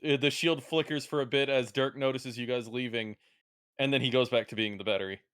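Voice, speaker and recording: A man playing a tabletop game, speaking in a measured, deliberate way. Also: medium pitch, steady tone, fairly bright tone, clean tone, dry recording, studio quality. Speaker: player. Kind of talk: casual tabletop play.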